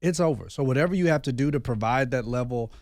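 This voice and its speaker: Man, father, casual podcast, animated storyteller, mid-range voice, dry sound. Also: mid-range voice, quick pace, no room sound. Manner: animated retelling, repeats words when thinking.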